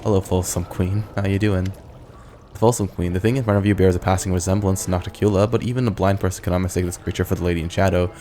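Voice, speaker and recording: Quick low-voiced man playing a game. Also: steady tone, mellow, slight background noise. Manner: casual, joking asides. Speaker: let's play host. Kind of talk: gameplay commentary and reading game text aloud. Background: game music.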